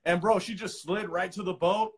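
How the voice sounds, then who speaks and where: A man chatting casually as a guest, telling fishing stories in an excited, swearing, slangy way. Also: sits high, normal speed. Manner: excitable storyteller, heavy swearing and "dude". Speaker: guest angler. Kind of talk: casual podcast chat.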